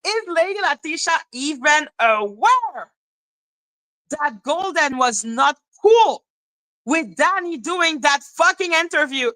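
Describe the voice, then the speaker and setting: A woman's voice: very high voice, pushed and bright, dry recording, low-quality recording. A woman live-streaming a heated, profane rant, scornful and mocking. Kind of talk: heated ranting commentary.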